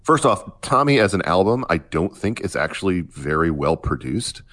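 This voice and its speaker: Man, very deep voice, casual podcast chat, halting with fillers and restarts. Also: big pitch swings, a bit bright. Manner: hesitant, many restarts and fillers. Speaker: podcast co-host. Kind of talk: casual music discussion.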